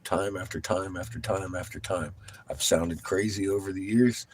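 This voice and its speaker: A middle-aged man livestreaming a profane rant, dropping from low muttering to loud, combative outbursts. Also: normal speed, slight background noise. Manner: heavy swearing, blunt and combative.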